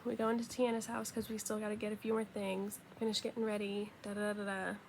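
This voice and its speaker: A young woman telling a personal story in a casual, animated way, acting out what people said. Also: medium pitch, fast, slight background noise. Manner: chatty, animated retelling with quoted dialogue.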